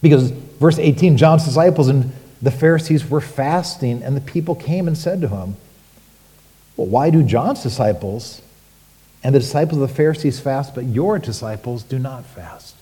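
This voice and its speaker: A man preaching a sermon as pastor, animated and rhetorical, with sudden emphatic rises. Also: medium pitch, moderate pace, in a large hall.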